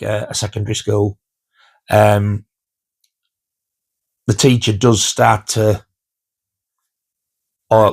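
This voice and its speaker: A man in his fifties talks through the films he has been watching in a casual home vlog. His voice sits low with a gravelly, husky edge, and he gets excited and chuckles as he retells his favourite scenes. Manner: chatty, enthusiastic, laughs while retelling scenes. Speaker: film reviewer.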